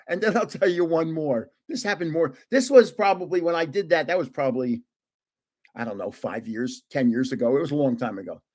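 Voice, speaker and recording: A man's voice: a little high, lively intonation, normal speed, darkish tone. An older man hosting a casual livestream, rambling through anecdotes and chuckling often between sentences. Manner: rambling anecdotes told with self-corrections. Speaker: host of a trading card livestream. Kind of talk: casual livestream chat with storytelling.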